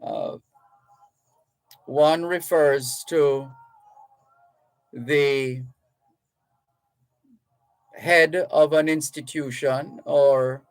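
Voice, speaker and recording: Slow-spoken Jamaican radio host, dry studio sound. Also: male voice, fairly high pitch, fairly even intonation, clean tone, no echo, low-quality recording. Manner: unhurried, explanatory, with fillers and restarts. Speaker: radio talk show host. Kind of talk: radio call-in show, reading listener messages.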